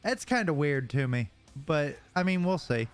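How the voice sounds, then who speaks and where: Joking, higher-voiced podcast co-host man. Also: sing-song, moderate pace, smooth, faint music behind. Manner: laughing, joking, swears casually. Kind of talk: casual chat.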